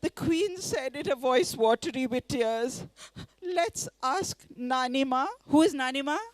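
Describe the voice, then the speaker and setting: A woman from India, reading her story aloud in a festival tent, lively and coaxing the audience to join in. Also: high-pitched, moderate pace, no room sound. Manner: lively, coaxes the audience to join in, laughs often.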